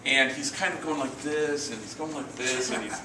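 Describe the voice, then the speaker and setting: Middle-aged male priest, lively anecdotal storyteller, mid-pitched; recorded from afar in a noisy, echoing hall. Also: normal speed, recorded from a distance. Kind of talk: storytelling talk to an audience. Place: large room with a live audience.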